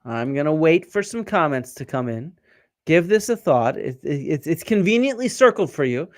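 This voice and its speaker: A man's voice: fairly high pitch, very animated, normal speed, no room sound, clean studio sound. A middle-aged man hosting a live-stream science show, explaining and quizzing viewers from their comments, with many fillers and restarts. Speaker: archaeologist and show host.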